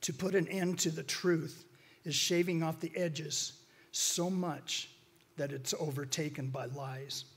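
Guest speaker, male, husky, folksy and rambling storyteller. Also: a little high, steady tone, measured pace. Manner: folksy, rambling, frequent restarts and fillers. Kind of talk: informal church talk with storytelling.

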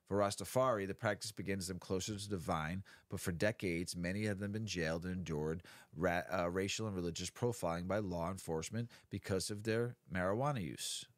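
A man's voice: sits low, no room sound. A man co-hosting a podcast, reading news headlines and adding blunt, offhand reactions. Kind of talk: casual news commentary.

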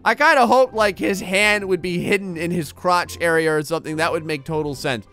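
A man's voice: sits high, fairly quick, sharp tone, faint music behind. A man giving casual let's-play commentary, joking, swearing and laughing as he plays. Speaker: gameplay commentator.

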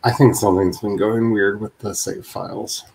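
A man's voice: fairly low pitch, level tone, normal speed, gravelly, a little mellow, slight background noise, poor audio. A man on voice chat during a game, teasing his friends in a dry, sarcastic way. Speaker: streamer playing a survival game. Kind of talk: casual gaming chat.

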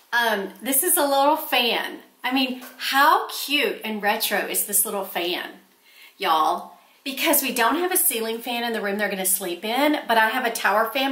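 Casual vlogger, woman, bright tone, bubbly and gushing; camera on a table, echoey room. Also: a little high. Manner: gushing, chatty, exclaims over cute things. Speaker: vlogger showing purchases. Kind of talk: casual haul chat to camera. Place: home office, indoors. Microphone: camera set on a small table.

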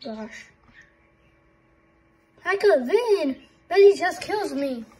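A woman's voice: very high voice, big pitch swings, very slow, warm tone, low-quality recording. A young woman playing a horror game and commenting, swearing a lot and sounding jumpy and frightened. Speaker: gamer.

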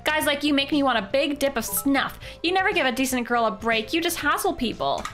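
A woman streamer voicing a rude, impatient young woman driver, in a shrill and mocking tone. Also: steady tone, pushed and bright, faint music behind, lightly acted. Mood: indignant.

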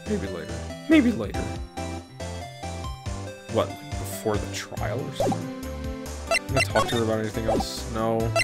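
A man's voice: on the low side, a little fast. Young man cursing through game commentary. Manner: profane, reads dialogue aloud in put-on voices. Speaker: gaming YouTuber. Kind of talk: casual playthrough commentary. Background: loud game music.

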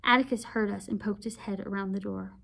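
Expressive woman reading a novel aloud. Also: medium pitch, a little fast, creaky. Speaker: read-aloud host.

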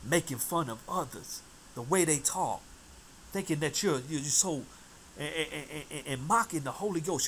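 Fiery, animated preaching man. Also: a little high, normal speed, slight background noise. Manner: fiery, scolding, quotes scripture loudly. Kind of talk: preaching commentary over a debate clip.

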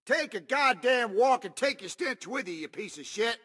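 A man's voice: extremely high pitch, expressive, normal speed, sharp tone, slightly rough, exaggerated voice. A man voicing a foul-mouthed, hot-tempered repairman in a video game, ranting and cursing to himself.

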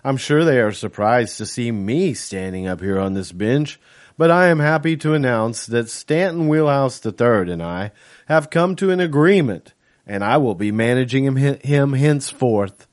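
A man's voice: medium pitch, animated, moderate pace, natural voice. A man voicing a cheerful older male music manager who announces things in a formal, genial way. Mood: proud.

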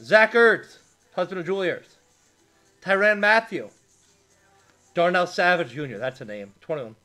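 Card break host, male, excitable, bright tone, unhurried delivery. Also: high voice, soft background music. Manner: excitable, shouts over big pulls; reads out player names one by one. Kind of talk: live card-opening stream.

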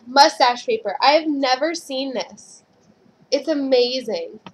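Young female vlogger, high voice, excitable and gushing, faint background noise. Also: measured pace. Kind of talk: casual haul vlog.

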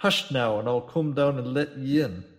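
A man doing a firm hushing landlady. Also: mid-range voice, moderate pace, close to an everyday voice. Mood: soothing. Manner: hushing, firm, old rural dialect. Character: firm, anxious woman innkeeper, hushing, dialect speech.

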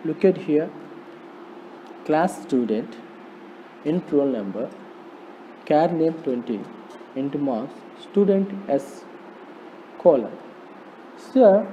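Male lecturer, Indian English accent, slow and repetitive; dull lo-fi recording with faint hiss. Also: fairly high pitch, warm tone. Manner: slow, repetitive explaining, rhetorical questions. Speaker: polytechnic lecturer. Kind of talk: recorded classroom lecture on programming.

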